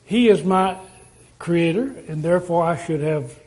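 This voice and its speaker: A man's voice: a little high, unhurried, darkish tone. A man preaching a sermon in a conversational way, putting rhetorical questions to his congregation.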